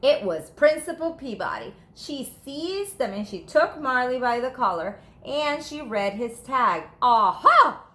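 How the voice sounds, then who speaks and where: A woman teacher reads a children's picture book aloud in an animated, playful way. She takes her time, and her pitch rises and falls a great deal. The room is echoey, with faint noise behind her. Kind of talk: children's storybook read-aloud.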